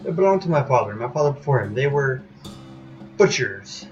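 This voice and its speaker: A man's voice: medium pitch, very animated, dull audio, soft background music, natural voice. A man voicing a creepy cheerful butcher host. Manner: drawn-out, oddly stressed words. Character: creepy grinning male butcher-innkeeper. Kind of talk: reading game dialogue aloud.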